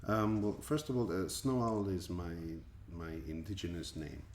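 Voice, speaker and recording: A Colombian musician guest answers interview questions thoughtfully and earnestly, often repeating words while he searches for them. His deep voice is expressive at a normal speed, recorded in an echoey room with faint ambient noise.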